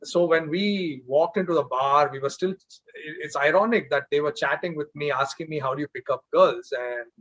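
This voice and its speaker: A man from India telling a story in a casual interview, joking and filling pauses with many uhs. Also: on the high side, a bit bright. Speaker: interview guest.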